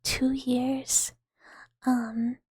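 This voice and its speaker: A young woman streaming whispered ASMR chat, talking softly to her viewers and giggling often at herself, close to a sensitive microphone. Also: high-pitched, little pitch movement, very slow, husky.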